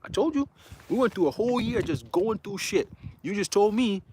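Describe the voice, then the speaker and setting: A man's voice: high-pitched, normal speed, a little hiss or hum. A young man giving a casual church testimony, slangy and full of "you know" fillers, acting out the voices in his story. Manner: excitable, acts out quoted voices.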